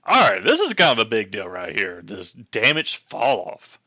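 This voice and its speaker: Chatty low-voiced gamer man, rambling. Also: huge pitch swings, moderate pace, sharp tone, dry recording, dull audio. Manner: chatty, rambling, lots of ums and uhs; hiccuping now and then. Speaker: gaming channel host. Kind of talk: casual patch-notes commentary.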